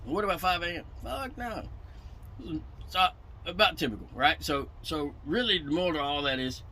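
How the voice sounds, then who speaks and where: Angry profane truck driver. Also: male voice, on the high side, a little fast, bright, forceful tone, poor audio. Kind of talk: casual storytelling rant.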